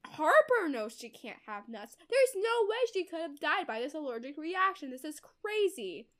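A young woman voicing a self-centered mother from a novel, speaking emphatically and slowly. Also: high-pitched. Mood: indignant.

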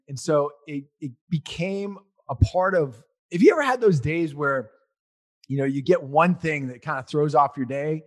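A man in his forties telling a personal family story in casual conversation. His voice sits a little high for a man. He rambles with fillers and grows loud and lively when he recounts a quarrel. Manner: rambling and animated, gets loud reliving an argument.

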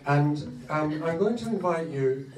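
A man co-leading a marriage course, talking informally to a group of couples in a good-humoured, halting way and laughing often. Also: fairly high pitch, lively intonation, over music. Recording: roomy hall, distant mic, faint noise.

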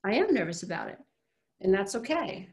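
A woman's voice: mid-range voice, very animated, brisk. A woman giving a motivational self-help talk, emphatic and repetitive, often asking rhetorical questions. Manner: emphatic, repeats phrases, asks rhetorical questions.

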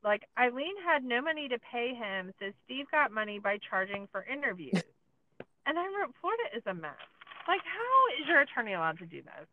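A woman's voice: fairly high pitch, big pitch swings, brisk, slight background noise. A woman co-hosting a podcast, recapping a documentary in casual chat, with many filler likes and sarcastic asides. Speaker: podcast co-host. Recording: tinny phone-like sound, dry.

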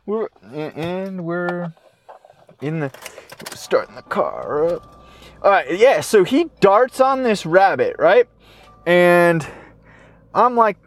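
A man hosting a podcast, telling a rambling story in casual chat from his car, animated and swearing, trailing off and restarting. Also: high voice, takes it slowly, pauses often, no echo. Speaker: podcast host. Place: in his car, parked then driving. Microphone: handheld audio recorder.

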